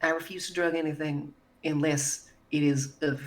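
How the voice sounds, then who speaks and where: Brief: woman playing a low-pitched folksy adventurer, polite, homespun phrasing. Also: fairly even intonation, normal speed, close to an everyday voice. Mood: defensive. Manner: folksy, drawling country phrasing. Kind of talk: in-character tabletop role-play.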